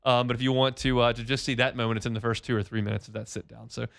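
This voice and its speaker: Smooth-voiced sports radio host. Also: male voice, mid-range voice, little pitch movement, rapid-fire, a bit bright. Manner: conversational, repeats himself, frequent fillers. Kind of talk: casual sports talk and live ad reads.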